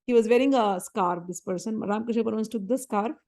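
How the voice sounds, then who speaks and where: High-voiced woman giving a spiritual talk. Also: quick pace. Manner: storytelling, animated, repeats phrases for emphasis. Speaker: spiritual teacher.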